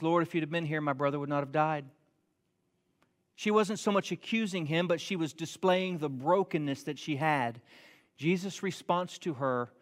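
A man preaching a sermon, telling a homey story in an animated, self-mocking way and slowing down to stress his points. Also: fairly high pitch, in a large hall. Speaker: pastor.

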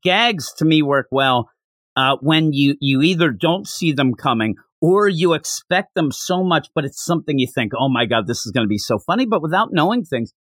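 Animated male anime-review host, voices the characters as he goes, lively pitch, dry sound. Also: dry recording. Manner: animated, acts out characters' lines in quick bursts. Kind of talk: casual chat.

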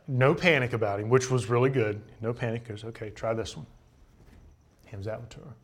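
A young man, a baseball pitcher guesting on a show, telling relaxed, joking stories in casual chat. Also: normal speed, long pauses. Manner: laid-back, joking anecdotes with laughs.

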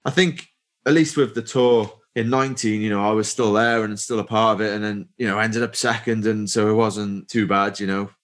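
A man in his thirties, a pro cyclist, telling stories in a relaxed interview chat with lots of fillers. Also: fairly low pitch, fairly quick. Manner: relaxed storytelling with many fillers. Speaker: professional cyclist guest.

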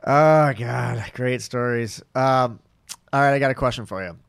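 A man hosting a podcast in casual chat, upbeat and quick to react. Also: medium pitch, gravelly, clear, resonant tone, dry recording. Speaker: podcast host.

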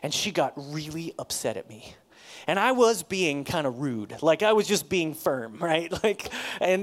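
Conversational pastor, somewhat high voice. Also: male voice, sing-song, a little slow. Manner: conversational, self-deprecating, laughs often. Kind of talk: sermon with a personal story.

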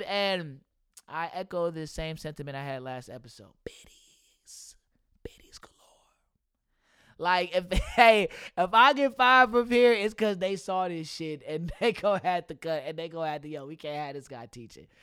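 Young man, casual podcast host, high voice, smooth and clear, dry close sound, laughs a lot, swears freely. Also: no room sound. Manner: loose, profane, laughs often. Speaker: podcast host and substitute teacher.

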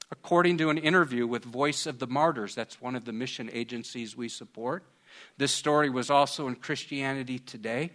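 A man preaching a sermon in an earnest tone, moving from hushed passages to loud, raised ones. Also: mid-range voice. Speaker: pastor.

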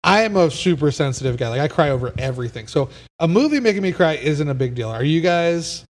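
A man's voice: fairly high pitch, expressive, fast. A man hosting a casual podcast chat, earnest and rambling, who works as a teacher.

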